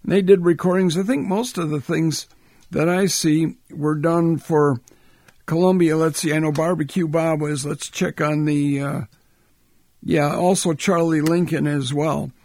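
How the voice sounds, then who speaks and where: A man presenting records on a radio music program in a relaxed, musing way. His voice sits high for a man. The studio sound is dry and close. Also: measured pace, no echo. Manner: relaxed, musing aloud, thinking while talking. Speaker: radio show host.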